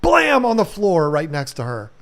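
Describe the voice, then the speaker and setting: A middle-aged man on his home restoration vlog, talking straight to camera in a loose, animated storytelling way. His voice sits a bit high for a man. He cusses casually and breaks into silly sound effects as he goes. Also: normal speed, gravelly.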